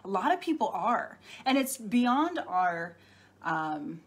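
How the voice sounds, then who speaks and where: A woman's voice: mid-range voice, big pitch swings, slow pace, breathy edge. A middle-aged woman talking casually on a live stream as a spiritual healer, chatty and laughing often as she answers viewer comments. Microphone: phone or webcam.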